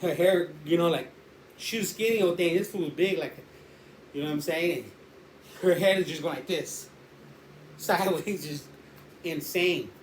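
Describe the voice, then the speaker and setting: A man's voice: on the high side, moderate pace, long pauses. A man telling a rambling, slangy street story in a casual way. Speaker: storyteller guest. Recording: roomy echo, faint background noise.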